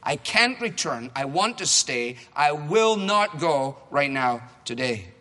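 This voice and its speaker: A man's voice: fairly high pitch, sing-song, slow pace, sharp tone, voice pushed down, heavily acted. Ruth, a man reading a loyal young widow. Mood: earnest. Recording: echoey hall reverb.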